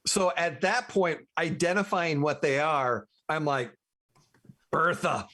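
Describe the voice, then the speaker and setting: A man's voice: fairly high pitch, measured pace, fairly bright tone. A man playing a tabletop role-playing game, eagerly describing his character's actions. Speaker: player.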